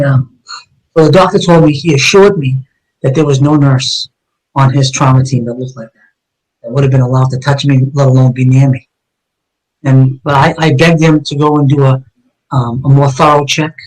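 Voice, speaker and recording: A man's voice: medium pitch, steady tone, normal speed, pauses often, darkish tone, low-quality recording. A man, a retired police detective, earnestly recounting an emotional personal story in an interview, with frequent ums and uhs.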